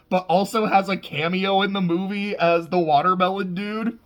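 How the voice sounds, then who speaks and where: A man talking casually about a movie, rambling and excitable, laughing often and swearing freely. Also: high-pitched, brisk, hardly any pauses. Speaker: film reviewer. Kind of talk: casual unscripted movie talk.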